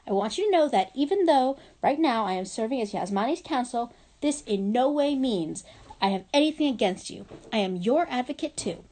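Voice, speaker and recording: A bubbly, self-assured seventh-grade girl, as a woman puts her on, pitched well above the reader's own voice. She speaks formally and eagerly, as if giving a campaign speech, with a mellow warmth underneath. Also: lively intonation, normal speed.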